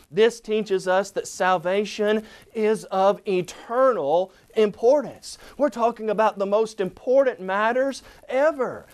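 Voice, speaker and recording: A man presenting a televised Bible lesson, stressing single words and slowing down on key phrases. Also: high-pitched. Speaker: Bible teacher.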